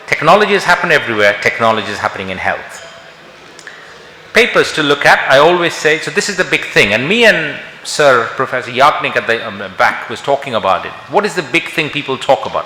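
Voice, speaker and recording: A man's voice: medium pitch, bright, forceful tone. A middle-aged man from India giving a conference lecture as a doctor, talking in a conversational way full of rhetorical questions. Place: large conference hall. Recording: echoey hall with long reverb.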